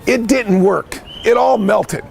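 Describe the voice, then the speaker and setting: A man's voice: high voice, slow, gravelly, slight background noise, heavily acted. Frog: a man doing a caring storybook frog. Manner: gasping and worried, then calm and kind. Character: caring, wise male frog.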